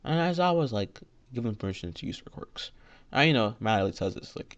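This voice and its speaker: Man, lowish voice, rambling improvised storytelling, dull lo-fi audio. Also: animated, a little fast. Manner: rambling, heavy with 'you know' and 'like'. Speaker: fan fiction storyteller. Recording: dull lo-fi recording.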